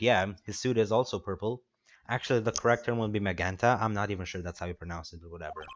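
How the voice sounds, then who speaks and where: A man's voice: fairly low pitch, quick pace, muffled recording, slight background noise. A young man casually commenting on a game he plays, with wry jokes and swearing. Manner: wry, joking asides, swearing. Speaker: let's play commentator.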